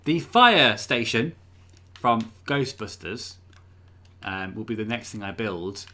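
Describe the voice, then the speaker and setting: Chatty and filler-heavy, this man rambles through his live stream from a room at home, dropping plenty of ums and uhs. His voice is on the low side, animated, pushed and bright, and he takes it slowly.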